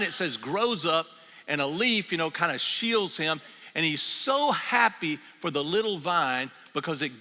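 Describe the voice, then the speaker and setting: An older man preaching a sermon, telling the story in a lively, conversational way. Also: fairly high pitch. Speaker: pastor. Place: church sanctuary. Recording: reverberant church hall.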